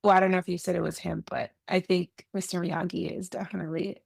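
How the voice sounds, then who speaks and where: A woman's voice: on the low side, little pitch movement, fast talker, gravelly, husky, no echo, studio quality. A woman guest on a casual video-call podcast, thinking aloud with lots of fillers. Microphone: video call mic.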